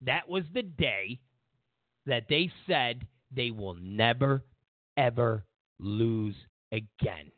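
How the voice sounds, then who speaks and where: Man, political commentary host, lively swooping pitch, mocking tone, tinny phone-like dry sound. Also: takes it slowly, no echo. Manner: mocking, sarcastic, repeats lines for emphasis.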